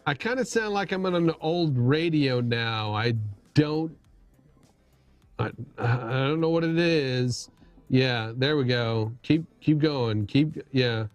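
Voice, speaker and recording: Talking slowly in a medium-pitched voice, a middle-aged livestream host rambles through a casual chat, making self-deprecating jokes and restarting often. The audio is dry, with faint music behind him.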